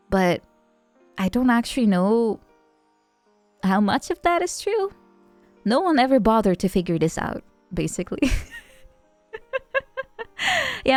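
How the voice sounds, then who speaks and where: Young woman, giggly rambling chat, streaming mic, faint music behind, mid pitch. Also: darkish tone, no echo. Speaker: VTuber streamer. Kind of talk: casual chat answering viewer messages.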